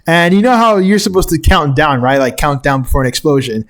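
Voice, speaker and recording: A man with a slightly raised pitch talks straight to his audience, reacting to footage. He grows more and more indignant, stumbling over repeated words and catching himself with short laughs. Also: fairly quick, hardly any pauses. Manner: indignant, ranting, self-correcting with chuckles. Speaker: commentary host. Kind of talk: reaction commentary.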